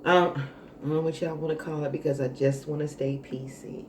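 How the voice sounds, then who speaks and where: A woman vlogger telling a story in a casual monologue, animated, dramatic and sassy. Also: sits low, fairly quick. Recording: roomy echo, faint noise.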